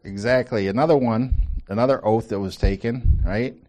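A man's voice: lowish voice, normal speed, mellow. Man leading a casual Bible study. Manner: conversational, repeats phrases for emphasis, asks the group questions. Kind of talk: informal Bible teaching to a small group.

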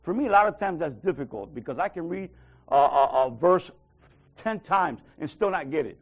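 A man's voice: a little high, lively intonation, moderate pace, dull audio. A man giving a casual sermon, talking conversationally and acting out little dialogues with God, often checking in with "right?". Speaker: preacher.

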